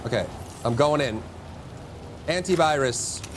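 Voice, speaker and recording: A man narrating his live game stream in a lively voice that leaps up high when he yells, then drops low to muse. Rain noise sits clearly behind him. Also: unhurried. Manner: excitable, jumps to high yelps and mock insults at enemies. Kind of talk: live gameplay commentary.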